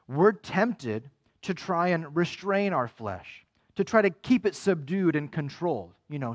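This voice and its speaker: A man preaching a sermon as pastor, animated and acting out quoted voices with big swings in pitch. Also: measured pace.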